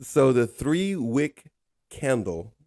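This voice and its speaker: A man hosting a relaxed podcast chat, full of teasing jokes and quick asides. He keeps nudging his guest to carry on. The sound is close and dry, with no room around it. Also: medium pitch, no room sound. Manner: joking, teasing, keeps handing over with "go ahead". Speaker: podcast host.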